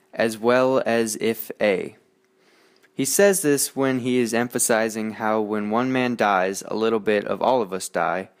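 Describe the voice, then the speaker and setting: A man's voice: fairly low pitch, clean tone. Teen boy reading a school essay. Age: teens. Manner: steady, earnest reading with small slips. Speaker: student presenter. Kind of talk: reading a school poetry explication.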